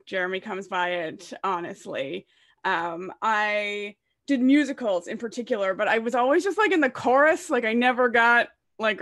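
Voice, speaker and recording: A woman at a medium pitch talks lightly and casually as a tabletop game player. She fills her speech with little hedges and fillers and reminisces in an easy way. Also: vocal fry, fairly bright tone, no room sound, clean studio sound. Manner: chatty, light, filler-heavy.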